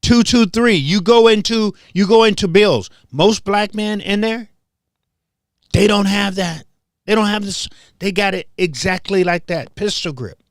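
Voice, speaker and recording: A man's voice: sits high, measured pace, no echo, clean studio sound. A man from Memphis hosting a heated commentary monologue, confrontational and emphatic, hammering points home by repeating them. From Memphis, southern US. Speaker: host.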